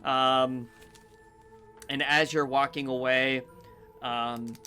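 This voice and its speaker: A man's voice: mid-range voice, level tone, drawn-out words, sharp tone, faint music behind. A man narrating a tabletop game as game master, in a casual way with many fillers.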